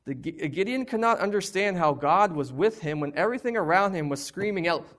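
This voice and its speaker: A man's voice: high voice, expressive, fairly quick, a bit bright. A man preaching a sermon to a congregation in a conversational, emphatic way, full of rhetorical questions and candid personal asides. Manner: shares personal struggles openly.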